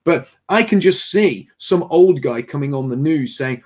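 Brief: male host, mid-pitched, chatty and self-deprecating, runs a casual panel chat and reads viewer notes. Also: moderate pace, hardly any pauses, darkish tone. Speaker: podcast host reading viewer donations.

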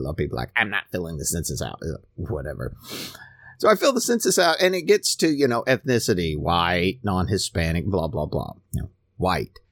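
A man's voice: on the low side, vocal fry, dry recording, clean studio sound. A man hosting a podcast, talking in a casual, rambling monologue that is full of restarts and repeated words. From United States. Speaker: podcast host.

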